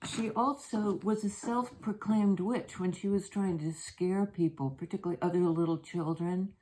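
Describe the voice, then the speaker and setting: Soft-spoken older woman, mellow and low. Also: fairly even intonation, normal speed, slight background noise, poor audio. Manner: soft, meandering and personal, with many fillers. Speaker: tarot reader. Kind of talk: reflective spoken reading. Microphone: handheld or propped camera.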